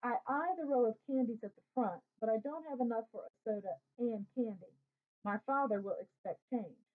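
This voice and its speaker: Female narrator for a first-person story, lively young-boy telling, slightly high pitch, tinny narrow recording. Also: brisk. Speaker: audiobook narrator. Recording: tinny phone-like audio.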